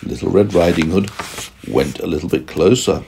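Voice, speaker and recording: A man reading a bedtime story aloud to a small child at home, gently stopping to ask questions and teach a lesson. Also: low voice, moderate pace, gravelly, slight background noise.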